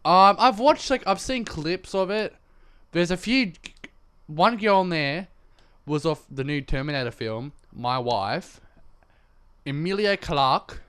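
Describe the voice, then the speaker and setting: A man's voice: a little high, lively intonation, slow, a bit bright, clean tone. A young man, co-hosting a podcast in brash, crude, jokey casual chat. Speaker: podcast co-host.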